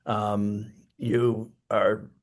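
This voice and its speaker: A man's voice: fairly low pitch, completely flat delivery, extremely slow. A man, an author appearing as a guest, answering in a thoughtful, rambling way with frequent fillers. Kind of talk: casual interview chat.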